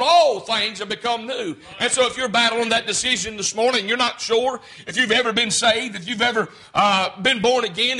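A man with a Southern US rural accent, preaching a sermon as pastor, fervent and rising to shouts. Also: extremely high pitch. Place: church sanctuary.

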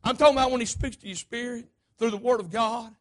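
A man preaching a sermon, emphatic and repetitive, calling out to the congregation and swinging between shouts and hushed asides. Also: very high voice, fast. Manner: emphatic, repetitive, call-and-response.

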